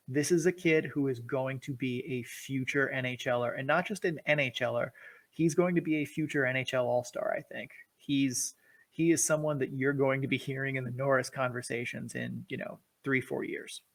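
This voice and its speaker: A man's voice: mid-range voice, gravelly. A man co-hosting a hockey podcast, reading prepared analysis with eager enthusiasm and laughing at his own jokes. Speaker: podcast co-host.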